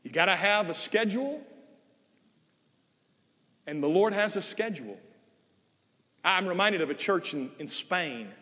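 An older man preaches a sermon in a church sanctuary, his pitch rising and falling in lively swings. He presses hard on key words, then drops to soft, drawn-out phrases. His voice is on the higher side and trails off in a long hall reverb. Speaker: guest preacher.

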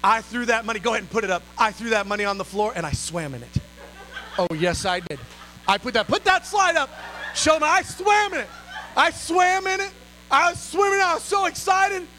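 Animated high-voiced man telling a story. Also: brisk, rough recording. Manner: animated, exclamatory, acts out voices. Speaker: ministry leader. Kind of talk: storytelling sermon.

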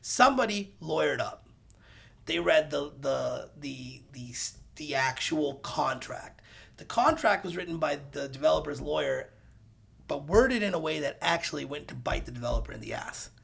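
A realtor appearing as a podcast guest tells a story with casual animation, acting out the dialogue and getting loud on the punchlines. His voice sits a little high, gravelly and husky, at a moderate pace.

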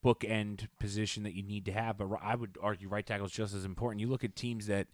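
A man co-hosts a sports podcast in a fairly low voice, riffing on football with strong opinions and frequent restarts. The sound is dry and close to the mic. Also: level tone, fast talker, dry recording. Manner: opinionated, talks in long runs with restarts. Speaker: podcast co-host. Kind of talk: casual sports talk.

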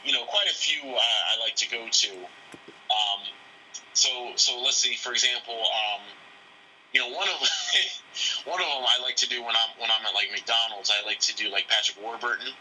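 Bright-voiced rambling man. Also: mid-range voice, moderate pace, a little hiss or hum, low-quality recording. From Pennsylvania. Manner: rambling, many fillers and restarts. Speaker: guest voice actor. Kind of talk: casual interview chat.

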